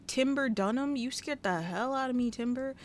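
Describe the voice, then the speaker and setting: A woman giving casual, sassy Let's Play commentary, scolding the characters in her game out loud, recorded on a headset mic. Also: sits high, moderate pace, a little hiss or hum. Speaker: gaming YouTuber.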